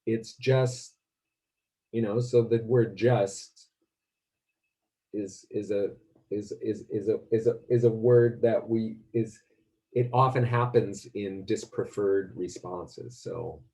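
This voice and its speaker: Man, lecturer, low voice, warm mellow tone, restarts sentences while thinking aloud. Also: fairly even intonation, slow. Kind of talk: classroom lecture.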